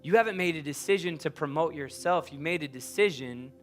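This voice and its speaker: A man preaching a sermon as a pastor, emphatic and personal, swinging from loud urging to quiet confiding. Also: on the high side, brisk, faint music behind.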